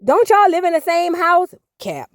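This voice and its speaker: A woman's voice: very high-pitched, big pitch swings, normal speed, no room sound, clean studio sound. A woman giving casual, sassy reaction commentary, telling the story in slang and acting out the people she quotes. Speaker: reality TV recap host.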